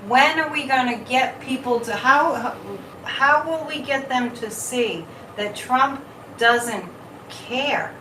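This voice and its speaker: A woman hosting a casual live stream as a psychic, talking in an animated way, repeating words and reading viewer comments. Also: sits high, takes it slowly, noisy background. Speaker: psychic livestream host. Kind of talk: casual livestream chat. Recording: echoey room, mic at a distance.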